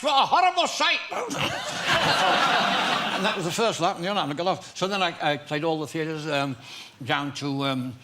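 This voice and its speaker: A man's voice: fairly high pitch, very noisy. An older man with a Liverpool accent, a comedian telling jokey anecdotes as a chat show guest, laughing and slipping into voices. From England. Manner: jokey, animated, breaks into laughter, does voices in his stories.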